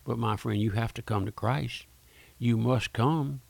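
A man's voice: mid-range voice, measured pace, vocal fry, darkish tone, husky, no echo. A man preaching a fervent radio sermon, pleading with listeners and often calling them "my friend". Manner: pleading, repeats "my friend", addresses listeners directly. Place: radio studio.

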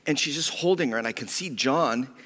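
A man preaching a sermon as pastor, heartfelt and personal, often sinking to a hushed whisper. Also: medium pitch, fairly quick. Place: church sanctuary. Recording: long reverb of a church hall.

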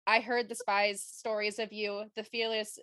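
A woman reading the lines of a wounded young prince, clear and steady. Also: medium pitch, a little slow, close to an everyday voice. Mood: tender.

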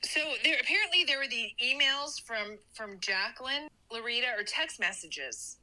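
A woman with a very bright, sharp voice chats casually on a podcast, her comments blunt and exasperated. She talks over a video call. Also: a little high, animated, normal speed, rough recording. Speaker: podcast co-host. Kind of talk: casual chat about reality TV.

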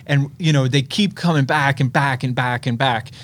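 A man co-hosting a casual movie chat, opinionated and animated as he lays out his take. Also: medium pitch, moderate pace. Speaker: co-host.

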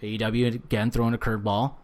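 A man co-hosting a casual wrestling podcast, ranting and swearing with animated bursts of shouting. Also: on the low side, fast talker. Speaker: podcast co-host. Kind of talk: casual wrestling recap chat.

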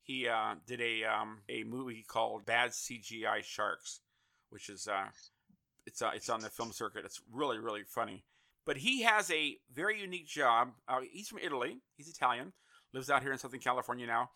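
A man's voice: mid-range voice, expressive, normal speed, vocal fry, pushed and bright. A man hosting a casual interview, rambling and repeating words as he thinks. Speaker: host.

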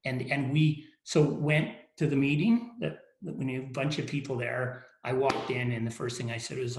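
A man's voice: medium pitch, fairly even intonation, normal speed, hardly any pauses. A man speaking as a guest on a podcast, telling stories frankly and often repeating and restarting his words. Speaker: company leader, podcast guest. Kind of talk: casual storytelling interview. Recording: roomy echo.

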